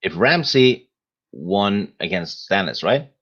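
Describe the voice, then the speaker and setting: A man appearing as a podcast guest, explaining his theory at a measured pace with many hesitations. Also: deep voice, expressive, a bit bright, highs cut off. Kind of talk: casual podcast discussion.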